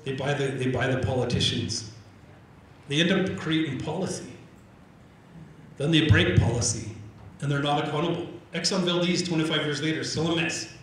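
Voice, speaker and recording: A man's voice: a little high, moderate pace, distant mic, a little hiss or hum. A man from Canada giving a live public talk as an Indigenous organizer, telling stories and acting out the exchanges he describes, often repeating words as he restarts. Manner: animated storyteller acting out quoted exchanges. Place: large event room with audience. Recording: very roomy hall echo, faint ambience.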